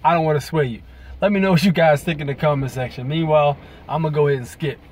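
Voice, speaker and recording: A man's voice: fairly high pitch, fast, a little mellow, slight background noise. Heated, profane man ranting. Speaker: video blogger. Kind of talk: ranting commentary to camera.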